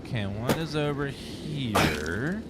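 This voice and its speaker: A man's voice: mid-range voice, sing-song, takes it slowly, very noisy. A man casually commentating a game as a streamer, rambling and chatting with his viewers. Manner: rambling, chatty, talks to chat. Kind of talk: casual let's play commentary. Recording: game sound loud underneath.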